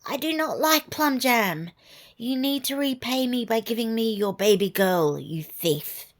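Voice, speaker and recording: A woman voicing a mean, nasty old witch in a storybook, high, loud and drawn-out. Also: animated. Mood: demanding. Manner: shrill, loud and slow.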